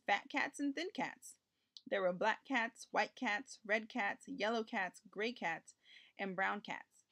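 In a medium-pitched voice, a woman brings a children's picture book to life, reading it aloud with expressive storytelling.

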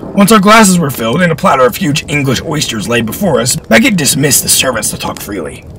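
A man reading historical fiction aloud in an expressive storytelling style. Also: on the high side, fairly quick, slight background noise, low-quality recording.

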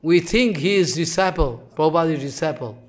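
Fervent high-voiced preacher. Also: male voice, lively intonation, fairly quick. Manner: fervent, repeats phrases for emphasis; broken, simplified English grammar. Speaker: spiritual teacher. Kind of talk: devotional sermon.

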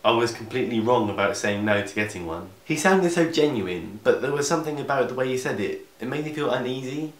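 A man's voice: mid-range voice, lively intonation, fairly quick, hardly any pauses, echoey room. A young man reading a fan fiction aloud for laughs, cutting in with sarcastic asides, in a room of a house. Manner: sarcastic, interrupts himself with asides. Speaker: vlogger.

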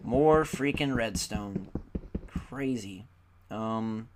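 A man's voice: on the low side, drawn-out words. A tired young man giving casual, chatty gaming commentary and grumbling at the game. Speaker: gaming YouTuber. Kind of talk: casual Let's Play commentary. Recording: loud background noise.

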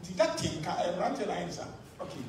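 Ghanaian pastor man preaching, high lively voice, far off in an echoey church. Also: normal speed, slight background noise. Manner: animated preaching, mixing English and Twi. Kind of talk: sermon. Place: church hall.

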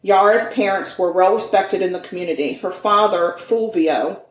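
A woman's voice: mid-range voice, normal speed, recorded from a distance. A woman co-hosting a podcast, telling a true-crime case in a chatty, folksy way and stumbling over foreign names. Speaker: podcast co-host. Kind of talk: casual true-crime storytelling. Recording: echoey room.

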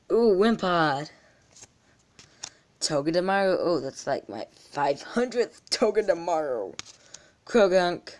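A woman's voice: lowish voice, sing-song, takes it slowly, pauses often, a little mellow. A young woman vlogging as she opens trading card packs, gasping and exclaiming over her pulls. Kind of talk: excited unboxing vlog.

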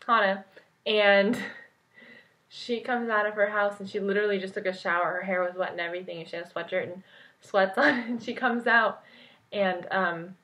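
A young woman vlogging, telling a story in an excited, rambling way full of "like". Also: mid-range voice. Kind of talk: casual storytelling vlog. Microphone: point-and-shoot camera mic. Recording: dull lo-fi camera audio.

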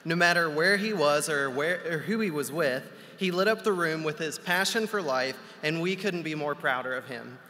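A man's voice: on the high side, normal speed, few pauses, pushed and bright. A man giving a formal introduction, praising the next speaker. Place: large convention arena. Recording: long arena reverb.

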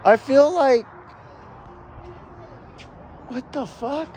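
A man's voice: very high-pitched, very slow, a little mellow, a little hiss or hum. A man filming himself outdoors in a city on his phone, shaken and agitated, rambling and swearing as he keeps circling back over the same points. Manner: agitated, profane, repeats himself. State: shaken, heart racing. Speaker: vlogger. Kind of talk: rambling self-filmed vent.

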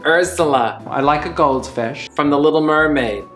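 A man's voice: fairly high pitch, normal speed, a bit bright. A campy, theatrical man hosts a comedy tea-making demo, fussing over his dishes and tossing out exasperated, swearing asides. The kitchen sounds roomy and echoey, with faint music and clinking dishes behind him. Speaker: comedy host. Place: home kitchen.

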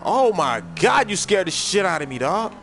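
A young man on a gaming livestream, joking loudly and bossing his crew around, jumping from shouts down to low mumbles. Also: big pitch swings, normal speed, slight background noise. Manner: loud, joking, bossy, swings from shouting to mumbling. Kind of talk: casual gaming livestream chat.

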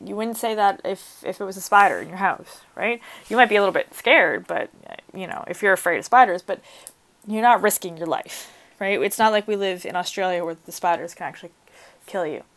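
A woman teacher reading a story aloud to her students and explaining it in a casual, chatty way, with expressive emphasis on the quoted passages. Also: mid-range voice, fairly quick. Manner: casual, chatty asides with fillers and light laughs.

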